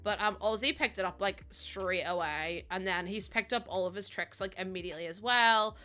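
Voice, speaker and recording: A chatty woman talks on her live stream in a bright, clear voice. She laughs often and answers her chat as she goes. Faint music plays behind her. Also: medium pitch, moderate pace.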